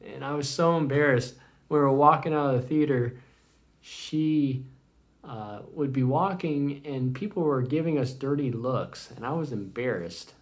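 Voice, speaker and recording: Rambling man telling family stories. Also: mid-range voice. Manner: rambling, halting, many fillers. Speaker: vlogger. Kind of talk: casual storytelling.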